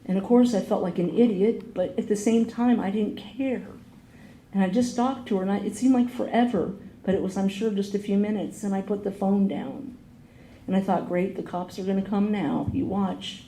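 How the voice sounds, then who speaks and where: A woman's voice: mid-range voice, fairly even intonation, normal speed, mellow. A woman sharing her recovery story at a meeting, telling it earnestly and acting out the people she quotes. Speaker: AA speaker. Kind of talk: recovery talk, personal story. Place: meeting hall. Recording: echoey room with faint noise.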